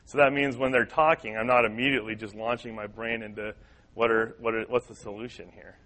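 A man's voice: on the low side, flat delivery, brisk, pushed and bright, poor audio. A man teaching a church class on listening in personal ministry, earnest and repetitive, acting out the voices of people he quotes. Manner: earnest, repeats key points, acts out quoted voices.

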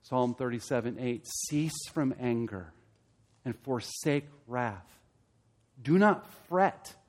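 A man preaching a sermon as pastor, asking the congregation direct questions and building to loud, emphatic peaks. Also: mid-range voice, animated, slow pace.

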